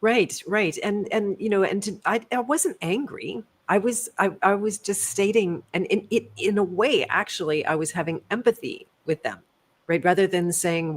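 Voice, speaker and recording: A woman's voice: fairly low pitch, normal speed, husky. A middle-aged woman in casual conversation, reflective, laughing at herself as she tells a story. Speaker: co-host.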